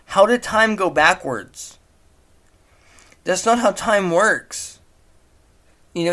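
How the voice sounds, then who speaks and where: A man's voice: high-pitched, fairly bright tone. Man mocking a movie with incredulous questions. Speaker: movie reviewer. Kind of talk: casual spoken movie commentary. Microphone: home recording.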